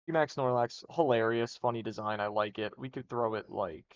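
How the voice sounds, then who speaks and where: This young man's voice is smooth and mid-range, moving at a moderate pace over dull lo-fi stream audio. During casual livestream commentary, he rambles through rankings with restarts and swearing.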